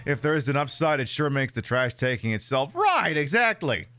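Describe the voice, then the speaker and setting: A man streaming a video game and chatting with viewers in a sarcastic, profane, animated way. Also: medium pitch, moderate pace, soft background music. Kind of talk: casual live-stream chat.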